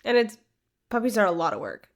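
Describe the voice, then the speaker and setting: A woman co-hosting a casual podcast chat, chatty and quick with affirming interjections. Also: mid-range voice, sing-song. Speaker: podcast co-host.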